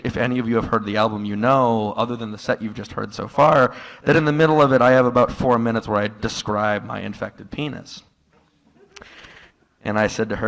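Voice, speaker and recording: A man doing a stand-up comedy set in a live room, telling stories in a dry tone that jumps into loud, exasperated outbursts. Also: lowish voice, vocal fry. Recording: live room with long hall reverb.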